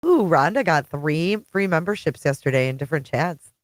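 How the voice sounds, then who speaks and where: Low-voiced chatty woman livestreamer. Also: animated, moderate pace, dry recording. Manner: chatty, greets viewers by name. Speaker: livestream host. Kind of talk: casual live-chat stream.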